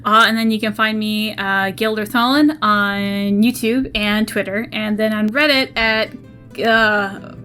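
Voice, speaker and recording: A woman's voice: mid-range voice, fairly even intonation, a little slow, pushed and bright, soft background music. A woman co-hosting a gaming podcast, chatting casually and laughing often. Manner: giggly, chatty. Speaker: podcast co-host. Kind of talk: casual chat.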